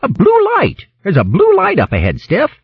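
A man's voice: high-pitched, wildly swooping pitch, a little slow, husky, no room sound, pitched above the performer's own voice, exaggerated voice. A man voicing an eager, proud young male hare with a singsong delivery, on a dull lo-fi recording. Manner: singsong rhyming.

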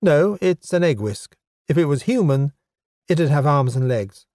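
A man reading a story aloud, voicing a sharp-tongued, teasing female advisor with a sardonic, mocking manner. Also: on the high side, lively intonation, measured pace, no room sound, studio quality, pitched above the performer's own voice. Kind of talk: audiobook character voice.

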